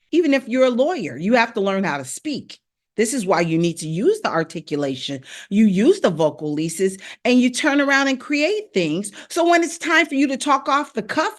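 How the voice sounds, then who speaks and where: A woman coaching voice in a relaxed live stream, talking straight to her viewers. She repeats her points, checks in often and drops into quick rap lines and tongue twisters to show the drills. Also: fairly high pitch. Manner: encouraging, repetitive, rapping drills aloud. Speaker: vocal coach.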